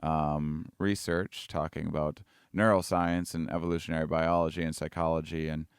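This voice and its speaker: A man with a very low, smooth voice talks casually as a podcast guest. He starts over often and laughs at himself as he thinks aloud. The sound is close and dry. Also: level tone, no room sound. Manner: halting, repeats words, laughs at himself. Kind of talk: casual conversation.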